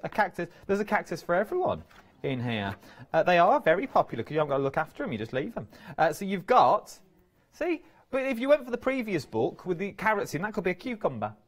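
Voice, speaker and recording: He speaks fast in a voice that sits high, presenting crafts live on a TV shopping channel from the studio. The delivery is chatty and playful, with lively banter throughout.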